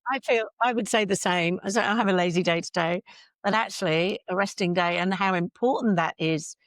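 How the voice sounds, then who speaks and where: A woman's voice: medium pitch, fairly quick, no room sound. A woman hosting an interview, musing aloud and asking long, reflective questions. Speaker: podcast host. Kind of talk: conversational interview.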